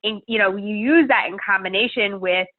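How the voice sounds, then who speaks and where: A woman's voice: medium pitch, moderate pace. A woman guest in a podcast interview who speaks earnestly and emphatically, thinking aloud as she talks. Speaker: guest, climate organizer. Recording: tinny phone-like call audio.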